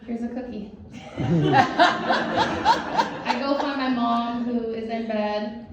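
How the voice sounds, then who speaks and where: A woman telling a funny first-person story to a live audience, animated and self-mocking in a casual way. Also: fairly high pitch, slow pace. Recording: echoey hall, distant dull mic, faint hiss.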